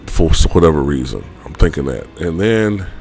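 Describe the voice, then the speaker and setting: Guy with a really low voice just rambling on, lots of you know and like, faint music behind. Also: lively intonation, moderate pace, darkish tone. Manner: rambling, full of "you know" and "like", swears casually. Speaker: vlogger. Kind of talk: casual storytelling.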